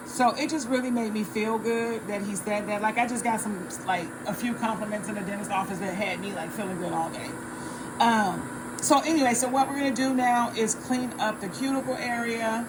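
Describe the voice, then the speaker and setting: A woman chatting casually and relaxed with frequent ums and likes as she walks through a nail art tutorial. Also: fairly high pitch, fairly quick, background noise. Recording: electric nail file buzzing behind.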